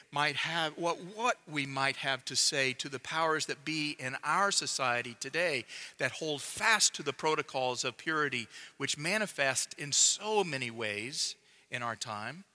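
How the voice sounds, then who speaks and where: A man preaching a sermon in a measured, emphatic way, dropping to a hush to drive points home. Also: on the high side.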